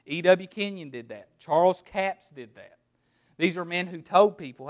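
A man preaching a sermon in a noticeably high voice. He stresses words one by one and poses rhetorical questions, then drops quiet and low to land his key points. He sounds middle-aged. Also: expressive, moderate pace. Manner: emphatic preaching, word-by-word emphasis, rhetorical questions. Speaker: pastor.

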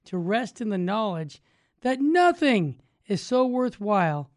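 A co-host speaking quietly and slowly in casual conversation. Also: mid-range voice, very animated. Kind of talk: casual chat, reading a prayer.

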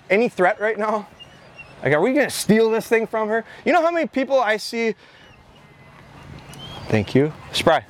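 Outdoors on a mowed field, a man in his thirties leads a dog training class, coaching the handlers and frequently repeating his instructions. His voice is high, and there's noise in the background.

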